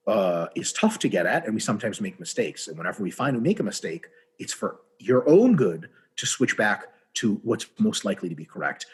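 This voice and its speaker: A man talking as a guest on a podcast in casual conversation, profane and animated, often acting out little dialogues. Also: lowish voice, breathy edge. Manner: profane, animated, acts out dialogue in quick voices.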